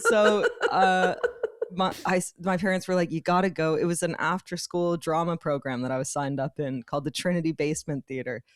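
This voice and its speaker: A woman from Canada, co-hosting a podcast in a studio, spinning animated anecdotes full of laughter and acted-out quotes. Her voice sits a little low, and the studio mic sounds dry and close. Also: a little fast, no room sound. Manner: animated storyteller, laughs often, acts out quotes. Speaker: podcast co-host. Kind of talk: casual chat, storytelling.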